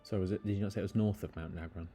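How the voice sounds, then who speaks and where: Man player, lowish mellow voice, easygoing, faint music behind. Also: steady tone, very fast. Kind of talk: casual tabletop game talk.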